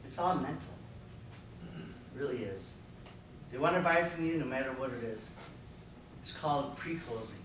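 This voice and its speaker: A man giving a jokey talk on sales to a live audience, lively and slipping into silly voices. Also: medium pitch, moderate pace, pauses often. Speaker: sales speaker. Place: room with an audience. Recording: echoey room from a distance, faint noise.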